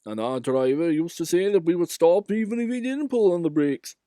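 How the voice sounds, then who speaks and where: A warm-hearted old engine in a storybook, lightly raised and lively in pitch, as a man puts him on. The sound is dry and close. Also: fairly quick, no echo, lightly acted. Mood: fond. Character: kindly old male narrow-gauge engine.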